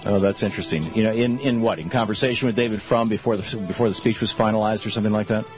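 A man hosting a call-in radio talk show, talking in an animated, opinionated way with frequent restarts. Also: lowish voice, rapid-fire, dull audio, over music.

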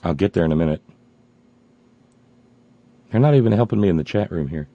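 A man's voice: sits low, lively intonation, fairly quick, dull audio. A man hosting a political talk show, ranting sarcastically with many stumbling restarts.

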